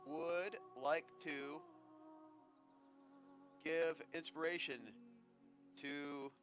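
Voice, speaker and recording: Playful high-voiced man at the game table. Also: very slow, soft background music. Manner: playful, joking, lively. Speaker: player.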